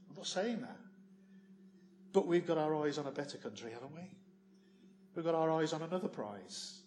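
A man delivers a sermon in a slightly raised voice. He leans on rhetorical tag questions and swings from loud, emphatic lines to quiet asides. A faint hum sits under the recording. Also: sits high. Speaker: preacher.

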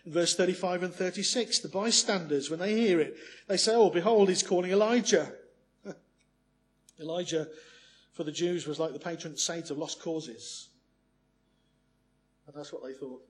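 A man preaching a sermon, earnest and full of rhetorical questions, swinging from loud emphasis to hushed asides. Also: fairly high pitch, measured pace, long pauses.

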